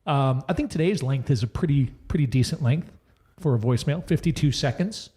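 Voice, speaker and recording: A man's voice: medium pitch, animated, fairly quick, dark tone, husky. Playful, teasing man hosting a podcast. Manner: playful, teasing, announcer-like intros. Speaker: podcast host. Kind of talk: casual banter.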